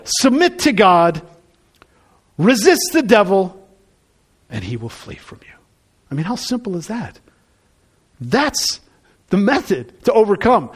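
A man delivers a sermon in a high, animated voice that swoops widely in pitch. He talks to the congregation conversationally, then pushes into emphatic bursts. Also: slightly rough. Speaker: pastor.

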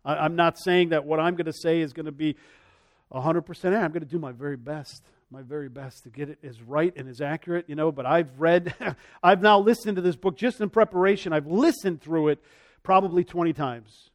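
A man preaching a sermon as pastor, animated, swinging between loud passages and soft ones, acting out the voices he quotes. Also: on the high side, brisk.

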